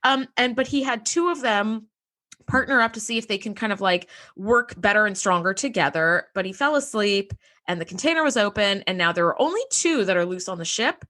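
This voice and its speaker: A woman co-hosting a podcast, recapping an episode in casual, animated chat, swearing and acting out the characters' lines. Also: medium pitch, a little fast. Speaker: podcast co-host.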